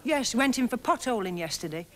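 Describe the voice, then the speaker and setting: A woman doing a stand-up routine, gossiping in a chatty way and firing off deadpan one-liners while laughing at her own jokes. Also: on the high side, brisk. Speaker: stand-up comedian. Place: TV studio stage before live audience. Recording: archive TV recording with audience laughter.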